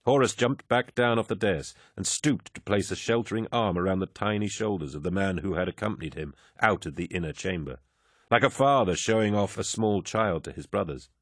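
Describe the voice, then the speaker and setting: A man narrating an audiobook in a measured, even storytelling manner. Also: deep voice, no echo, clean studio sound. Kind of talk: scripted narration.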